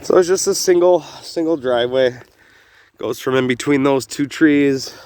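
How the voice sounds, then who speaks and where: A young man casually narrating a homestead vlog outdoors in the snow, talking in a relaxed, rambling way with many pauses. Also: mid-range voice, clear, resonant tone, no echo. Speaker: homestead vlogger. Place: outdoors on a snowy rural property. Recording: faint engine noise behind. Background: idling engine.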